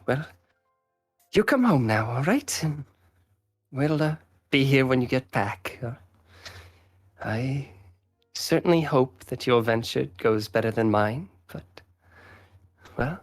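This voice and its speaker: Guy doing a tired big sister, soft and gentle, pretty much his own voice. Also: medium pitch, expressive, slow pace, long pauses, dry recording, clean studio sound, soft background music. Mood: tender. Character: caring older sister, weary.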